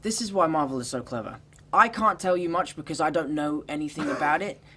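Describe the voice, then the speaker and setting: Animated young English man telling stories. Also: on the high side, a little fast, a little hiss or hum. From England. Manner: animated anecdotes, acts out quoted voices. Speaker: actor guest. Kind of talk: casual interview chat.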